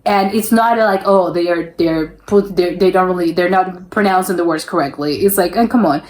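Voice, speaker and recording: A woman's voice: on the low side, moderate pace, a little mellow. A young woman from South America hosting a reaction video, giving her opinions in a rambling casual chat full of restarts. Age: young adult.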